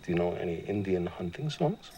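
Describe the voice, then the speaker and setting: A man doing a slow, deadpan impression of a famous actor, with oddly phrased lines. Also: deep voice, husky, voice pushed down, heavily acted.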